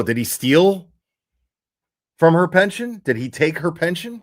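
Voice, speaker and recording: A man's voice: on the high side, sing-song, measured pace. A man hosting a livestream, talking through legal documents in a rambling, profane, emotional way, often restarting his sentences. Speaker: livestream host reading case documents. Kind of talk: casual livestream commentary.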